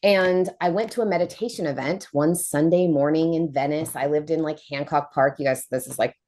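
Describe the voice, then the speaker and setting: A woman in her thirties, a podcast guest telling a personal story in a casual, animated way, acting out quoted voices. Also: deep voice, a little fast. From United States.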